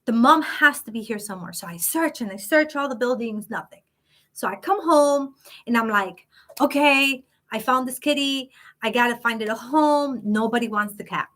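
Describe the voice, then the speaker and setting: A woman hosting a live psychic stream, chatting casually and telling stories in an animated way. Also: a little high.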